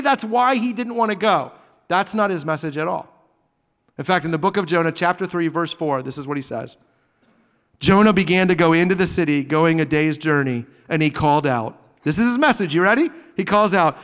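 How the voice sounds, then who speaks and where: A man preaching a sermon as a pastor, dramatic, swinging from loud exclamations to hushed near-whispers. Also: sits high, lively intonation, a little fast, big-room sound.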